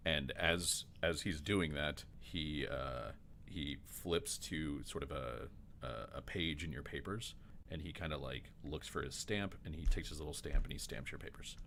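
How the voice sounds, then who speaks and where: A man narrates as game master of a tabletop game. His voice is very low. He rambles and halts, circling back as he describes scenes. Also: creaky, a bit bright, a little hiss or hum. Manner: rambling, halting narration with many fillers.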